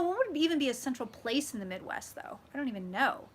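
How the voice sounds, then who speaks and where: A woman chatting casually with her viewers on a live stream, swearing freely and swinging loud and soft as she talks. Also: high voice, sing-song, quick pace, breathy edge. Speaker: psychic vlogger hosting a live stream.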